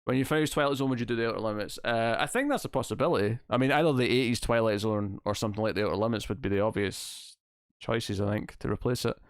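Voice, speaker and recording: Fast-talking and chatty, this livestream host rambles through viewer comments and laughs at his own jokes. He has a mid-range voice with a clear, resonant tone, and the clean studio sound carries no echo.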